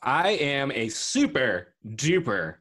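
Animated man telling stories. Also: mid-range voice, slow pace. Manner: animated storyteller, acts out quotes. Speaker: podcast co-host. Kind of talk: casual chat.

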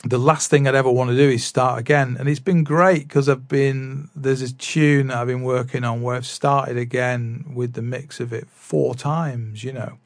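A man's voice: mid-range voice, steady tone, moderate pace, hardly any pauses, dry recording. A man chatting casually about drum practice, rambling with many fillers and restarts. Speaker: drummer vlogger. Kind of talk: casual chat.

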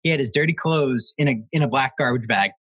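A man in his twenties, a guest telling funny stories in a casual chat, lively and laughing as he quotes people. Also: mid-range voice, quick pace, breathy edge, no room sound, poor audio. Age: 20s. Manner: laughing, animated retelling with quoted voices. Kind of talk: casual storytelling.

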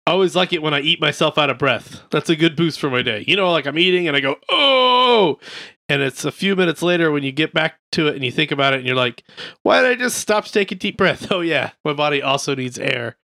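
A man co-hosting a casual comedy podcast, reading comedians' jokes aloud in a deadpan way between crude banter. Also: a little high, fast, few pauses, no room sound, clean studio sound. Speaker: podcast co-host.

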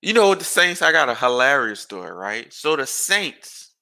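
Guy going off on a sports podcast, bright gravelly voice, slow and all over the place, cussing a lot. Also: medium pitch. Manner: animated, exasperated, swears freely. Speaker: podcast host. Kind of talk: rambling sports podcast rant.

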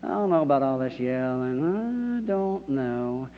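Preacher doing a prim, doubting churchgoer. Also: male voice, mid-range voice, animated, a little slow, slight background noise, voice pushed down, natural voice. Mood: doubtful prim. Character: stuffy reserved skeptic in a congregation. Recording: dull sound with long hall reverb.

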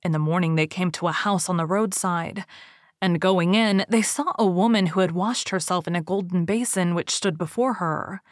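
A woman reading an old folk tale aloud in a measured, even storytelling manner. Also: lowish voice, no echo, studio quality.

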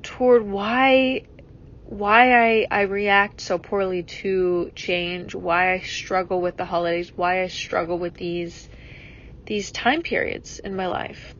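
A woman's voice: mid-range voice, level tone, slow, fairly bright tone, highs cut off. A young adult woman hosting a solo podcast, musing reflectively and rambling with many fillers and restarts. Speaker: podcast host.

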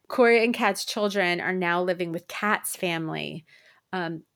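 A woman's voice: on the low side, unhurried, gravelly. Woman casually retelling a crime story. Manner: relaxed storytelling with fillers. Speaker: podcast co-host; stand-up comedian and apartment manager. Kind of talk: casual true-crime chat.

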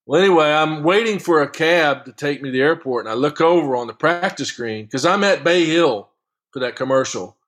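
A man, a long drive golfer, telling a casual anecdote as an interview guest, lively and often chuckling. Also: fairly high pitch, a little fast.

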